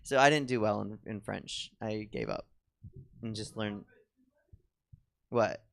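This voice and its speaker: A man's voice: lowish voice, expressive, slow pace, vocal fry, fairly bright tone. A man co-hosting a comedy show, rambling in a chatty, self-mocking way as he talks with a theater audience. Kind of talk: rambling stand-up style chat with the audience.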